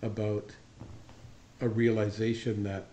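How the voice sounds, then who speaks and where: A man's voice: lowish voice, level tone, slow pace, mellow, lo-fi sound. A man co-hosting a podcast, chiming in with affirming, reflective remarks in casual conversation. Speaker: podcast co-host. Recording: roomy echo, faint background hiss.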